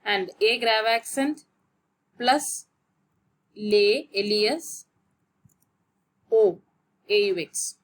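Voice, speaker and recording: Slow, careful woman teaching grammar. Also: mid-range voice. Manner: slow, explains step by step and spells out letters. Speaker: French teacher. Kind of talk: grammar lesson.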